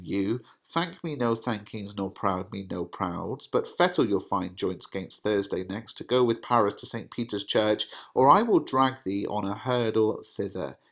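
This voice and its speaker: A man reading the lines of an angry, domineering old father who shouts and scorns. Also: lowish voice. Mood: raging.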